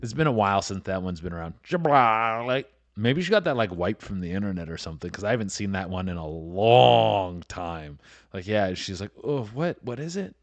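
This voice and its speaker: A man's voice: sits low, fairly quick, no echo. A man hosting a comedy podcast, rambling through a profane, casual monologue full of restarts and fillers.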